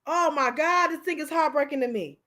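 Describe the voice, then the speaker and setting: Lady on a livestream going off, high voice, loud and heated, talking to her chat. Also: a little fast. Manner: fiery and emotional, bursts into shouting. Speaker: livestream host. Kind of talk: impassioned live commentary.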